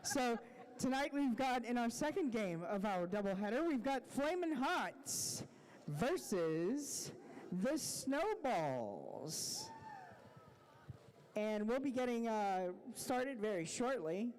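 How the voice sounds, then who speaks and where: A roller derby announcer introducing bouts and teams live in an easygoing, joking way, with many pauses. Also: medium pitch, expressive, a little mellow, a little hiss or hum.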